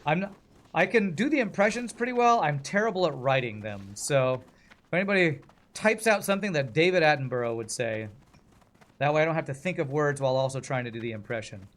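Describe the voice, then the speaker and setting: A man's voice: a little high, lively intonation, fairly quick, a bit bright. A male streamer chatting casually while he plays, in a jokey, self-deprecating way. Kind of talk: casual chat while playing a game.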